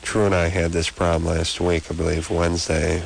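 A man's voice: low-pitched, flat delivery, a little fast, gravelly, slight background noise. A man co-hosting a late-night call-in radio show, joking bluntly and riffing, with a sore throat and stuffy nose. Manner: joking, blunt, rambling riffs. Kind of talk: casual comic radio banter.

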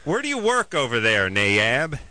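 Male radio host, bright and lively, wisecracking and rambling. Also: medium pitch, normal speed. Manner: wisecracking, rambling storyteller with animated voices. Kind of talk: comedic call-in radio banter.

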